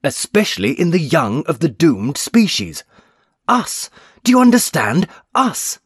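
A man's voice: mid-range voice, big pitch swings, unhurried, slightly rough, no room sound, clean studio sound, voice pushed up. A man reading aloud voices a frightened middle-aged businessman who talks in raised, breathless urgency. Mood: frantic shouting.

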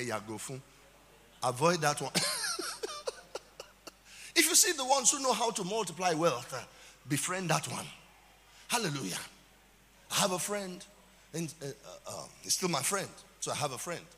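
A man's voice: on the high side, fairly bright tone, in a large hall. A man with a Nigerian accent, a pastor preaching a sermon with dramatic emphasis and calls out to the congregation.

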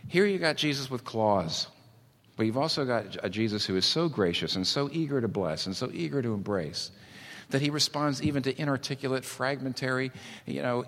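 Male pastor, lowish voice, lively swinging delivery, long hall reverb. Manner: earnest, animated preaching with vivid storytelling. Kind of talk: sermon.

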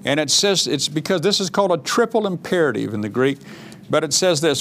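A man's voice: a little high, lively intonation, a little fast, a bit bright. A man preaching a sermon, reading scripture with mounting emphasis and breaking into chatty asides. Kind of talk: sermon teaching.

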